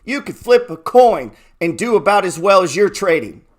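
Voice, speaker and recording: A man with a fairly high voice giving a fired-up trading talk. He swears freely, asks rhetorical questions, and drops from loud bursts to low murmurs. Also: expressive, normal speed. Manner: profane, emphatic, rhetorical questions. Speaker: trading educator. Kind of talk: motivational talk.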